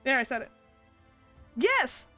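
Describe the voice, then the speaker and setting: A woman streamer chats animatedly about a game, swearing and laughing a lot, with faint game music behind her. Her high voice swings widely in pitch and sounds pushed and bright, though she speaks slowly.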